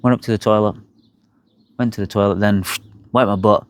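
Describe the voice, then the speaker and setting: A man's voice: lowish voice, steady tone, a little fast, long pauses. A young man, bluntly telling his own health story to camera, swearing freely. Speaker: health vlogger.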